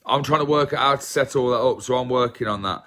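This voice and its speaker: A man's voice: medium pitch, fast talker, pushed and bright. An English man with an English accent chatting casually with viewers on a livestream, self-deprecating and rambling. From England. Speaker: livestream host.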